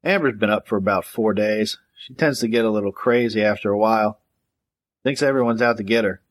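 A man's voice: lowish voice, a little fast, close to an everyday voice. A man doing an offhand slacker guy. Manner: offhand, careless. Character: laid-back slacker man, drinks and shrugs.

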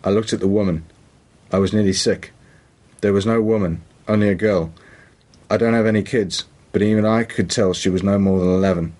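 A man's voice: fairly low pitch, fairly even intonation, brisk, a little mellow. A man with a British accent reading a crime audiobook in a dry, matter-of-fact way. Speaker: narrator. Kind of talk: audiobook narration.

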